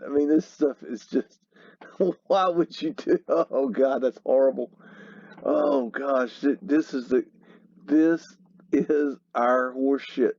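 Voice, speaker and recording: A man drawls unhurried, scoffing commentary as he looks over old photographs, often exclaiming in disbelief. His voice sits in the middle range. The recording is dry, with a dull, lo-fi tone. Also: medium pitch, darkish tone, no room sound. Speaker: host.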